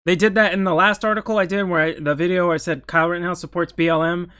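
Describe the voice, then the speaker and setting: A man with a notably high-pitched voice delivers casual political commentary, reacting to news pieces. He talks in an opinionated, heated way and keeps breaking off to restart his sentences. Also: steady tone, fast talker, pushed and bright, clear, resonant tone.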